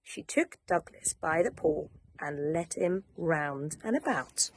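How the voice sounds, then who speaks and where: Soft, breathy woman reading a bedtime story. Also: low-pitched, expressive, takes it slowly, dry recording. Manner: soft, hushed and soothing, drifting into whispers.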